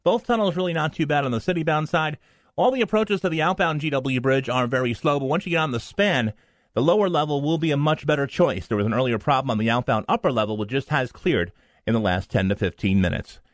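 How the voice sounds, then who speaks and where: A male radio anchor reading the news, traffic and weather in a steady scripted delivery. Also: mid-range voice, fast, no room sound.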